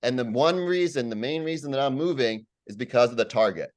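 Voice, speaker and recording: A man speaks up at a community meeting, aggrieved and rambling, circling back on his words. His voice sits at an ordinary middle pitch. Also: brisk. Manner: aggrieved, rambling, full of fillers and repeats. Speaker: resident commenting at a public meeting. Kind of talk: public comment at a community meeting.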